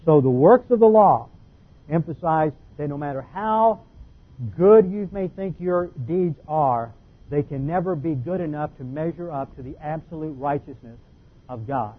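A man with a somewhat high, husky voice teaches scripture in a methodical, explanatory way, leaning hard on key words. The sound is thin and tinny, as if heard over a phone line. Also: moderate pace. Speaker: Bible teacher. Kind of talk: expository Bible teaching.

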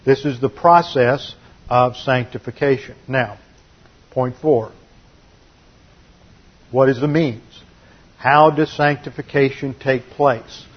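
Male pastor, expository sermon, husky tone, dull lo-fi recording, methodical point-by-point teaching. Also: medium pitch, slow, pauses often. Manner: methodical teaching, numbered points, steady emphasis.

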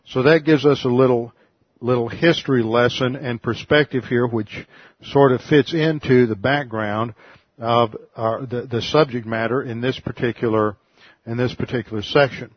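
A man's voice: mid-range voice, steady tone, moderate pace, husky, no echo, dull audio. A man giving an explanatory Bible-teaching sermon in a lecturing manner, often restarting his phrases.

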